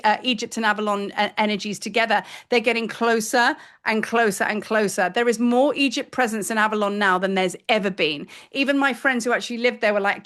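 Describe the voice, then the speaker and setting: A woman in her fifties talks through a spiritual lesson in a casual, chatty way, acting out her own thoughts as she goes. Her voice sits a little high for a woman. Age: 50s. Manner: animated, chatty, acts out her own inner voice. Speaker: spiritual teacher. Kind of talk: casual spiritual teaching talk.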